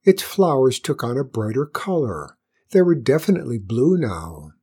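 A woman narrating a children's story with gentle, wry asides. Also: extremely low pitch, big pitch swings, normal speed, slightly rough.

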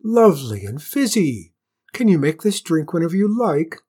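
Spoiled storybook queen, shrill and bossy, voice swooping up and down, slightly breathy, as a narrator plays her. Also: big pitch swings, normal speed, a little mellow. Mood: delighted. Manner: shrill and commanding. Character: spoiled haughty queen, bossy and quick-tempered.

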